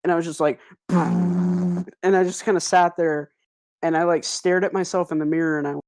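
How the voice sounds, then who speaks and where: A man's voice: sits high, little pitch movement, normal speed, a little mellow. A young man telling a long, profane story in a casual voice chat with friends, laughing as he goes.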